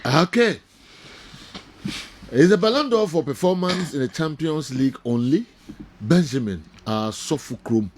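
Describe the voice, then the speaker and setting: Lively Ghanaian sports host. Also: male voice, fairly high pitch, a little slow, pauses often, slight background noise. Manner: animated, laughing, mixes English and Twi. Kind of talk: studio football debate. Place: TV studio.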